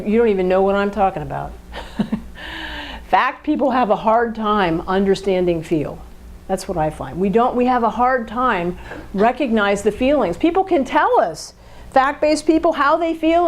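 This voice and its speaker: A woman's voice: mid-range voice, rough recording. A woman co-hosting a podcast, explaining relationship communication in a conversational way, often checking in with rhetorical questions and acting out what partners say. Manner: animated, acts out quoted partners in a raised voice.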